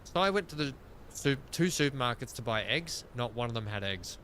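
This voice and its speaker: A man's voice: mid-range voice, animated, fairly quick, a bit bright, a little hiss or hum. An Australian man streaming a game, rambling through casual stories and laughing often. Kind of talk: casual chat while gaming.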